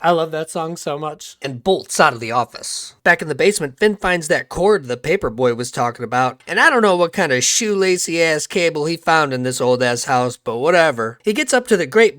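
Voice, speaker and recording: A man's voice: on the high side, a bit bright, no room sound, studio quality. A man hosting a comedic movie recap, narrating with crude, mocking sarcasm and slipping into silly voices for quotes.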